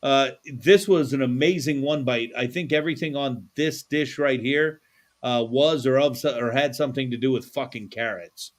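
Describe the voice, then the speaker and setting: A man's voice: medium pitch, normal speed. A male podcast host chatting casually in a studio. His talk is loose and laid-back, peppered with swearing and frequent laughs. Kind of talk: casual chat.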